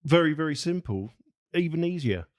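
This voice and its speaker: A man's voice: a little high, expressive, moderate pace, dry recording. Emphatic man, dry close voice. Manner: emphatic, swears, hesitant restarts. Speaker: podcast co-host. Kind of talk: casual film discussion.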